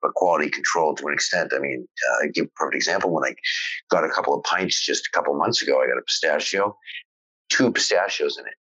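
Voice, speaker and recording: Man, extremely deep, husky but bright-edged, dry close sound. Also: quick pace, no echo, dull audio. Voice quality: agreeable, lots of yeahs. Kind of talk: casual chat.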